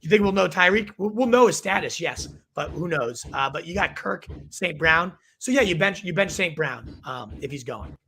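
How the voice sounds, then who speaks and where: Young male host, rapid-fire calls, bright husky voice with gravelly fry, going hoarse. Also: fairly high pitch, slight background noise. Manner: energetic, quick verdicts. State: losing his voice. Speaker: fantasy football show host. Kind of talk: rapid-fire live advice show.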